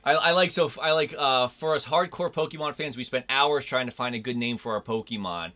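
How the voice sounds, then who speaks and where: A man's voice: medium pitch, a little fast, pushed and bright. Playful man chatting over a live game. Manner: playful, laughs often. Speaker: streamer. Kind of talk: casual live-stream chat.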